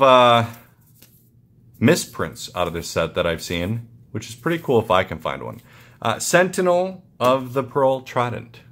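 A young man excitedly opening trading card packs for his channel, muttering card names with sudden yelps of delight. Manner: excitable, muttering asides, jumpy pitch. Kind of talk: casual pack-opening commentary.

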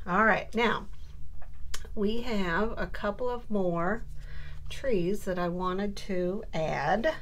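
A woman's voice: medium pitch, drawn-out words, fairly bright tone, slight background noise. A woman hosting a casual scrapbooking tutorial, chatting through each step and telling a story as she works. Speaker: crafting channel host.

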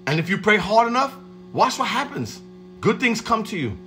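A man hosting a livestream, giving a streetwise motivational pep talk and shouting out viewers by name. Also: high voice, big pitch swings, normal speed. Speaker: livestream host.

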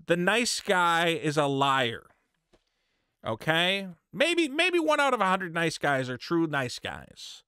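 A man's voice: on the high side, very animated, slow, bright, forceful tone, smooth, dry recording, studio quality. A man ranting in a commentary video, heated and profane, mocking and lecturing the viewer. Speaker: commentary YouTuber.

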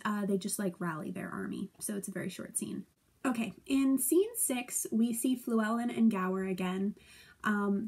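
A woman's voice: mid-range voice, a little mellow, slightly rough. A woman teacher casually summarizing a play for her students, chatty and playful, with lots of fillers. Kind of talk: casual classroom summary video.

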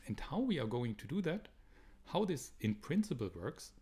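A man's voice: mid-range voice, sing-song, moderate pace, mellow, breathy edge. Man giving a recorded university lecture. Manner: explanatory, rhetorical questions, frequent restarts.

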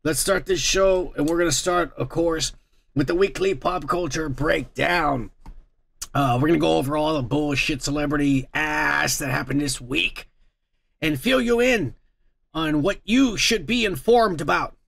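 A man with a high, gravelly voice hosts a podcast, rambling crudely and swearing freely. The sound is dry and close, with no room around it. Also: a little slow, fairly bright tone, no room sound. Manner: profane, rambling, laughs often. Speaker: podcast host. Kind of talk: crude casual chat.

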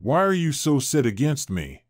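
A man's voice: a little high, big pitch swings, normal speed, no room sound, studio quality. A man reading the lines of a timid, frightened young wife who pleads hesitantly. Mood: pleading.

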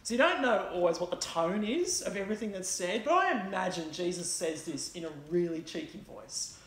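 A woman's voice: fairly low pitch, very animated, brisk, roomy sound. Chatty woman preaching in a church. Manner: chatty, conversational retelling with fillers. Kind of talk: sermon.

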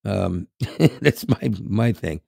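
Canadian guy in his 50s, gravelly lowish voice, rambling podcast chat, dry sound. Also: expressive, very slow, darkish tone, no room sound. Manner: rambling, laughing, chatty. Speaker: podcast co-host. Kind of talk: casual chat.

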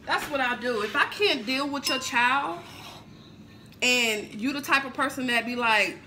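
A woman's voice: high voice, very animated, moderate pace, noisy background. A woman in her thirties chatting casually in a home kitchen vlog, laughing and swearing freely. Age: 30s. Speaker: vlogger. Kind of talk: casual cooking vlog chat.

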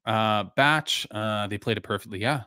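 A man with a lowish voice hosting a live stream, talking to viewers in a relaxed, rambling way full of ums and restarts. His voice is starting to go a bit hoarse. The sound is close and dry. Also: normal speed, no echo. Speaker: live-stream whisky reviewer, host. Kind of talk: casual live-stream chat, answering viewer comments.

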